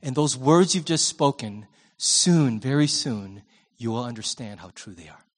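A man voicing a gentle, patient male teacher in a calm, soft, reassuring way. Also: a little high, big-room sound, voice pushed down. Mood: tender. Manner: soft, slow, tender.

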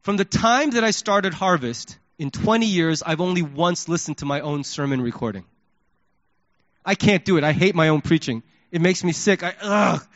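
A male pastor preaching a sermon, telling a story in an animated way and acting out his own reactions. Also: on the high side, normal speed, dry recording, lo-fi sound.

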